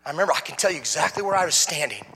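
A middle-aged man giving an emotional sermon testimony as a guest speaker, swinging from hushed to shouting. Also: on the high side, lively intonation, rapid-fire, slightly rough, big-room sound.

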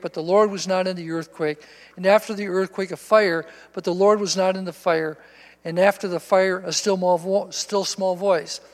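A man's voice: sits high, big-room sound. A male pastor preaching a sermon, reading scripture aloud and applying it to his listeners, repeating words for emphasis.

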